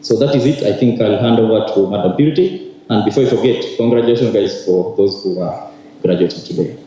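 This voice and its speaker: A man's voice: on the low side, brisk. A man trainer, casually explaining student projects at a ceremony with many fillers and repeated words. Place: large hall at a graduation ceremony. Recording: echoey hall with faint noise.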